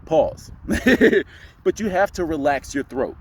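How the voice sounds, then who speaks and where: A young man giving casual voice advice to camera, emphatic and full of rhetorical questions, sometimes dropping into a deep voice to demonstrate. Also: expressive, slow, slight background noise. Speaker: voice coach vlogger.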